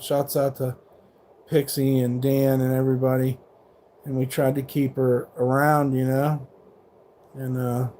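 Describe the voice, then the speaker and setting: A middle-aged man livestreams from a truck stop, swearing freely as he goads trolls in his chat. His voice is dark and mellow with a flat, level pitch. A faint hum of background noise sits under the recording. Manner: confrontational, profane, taunting chat trolls.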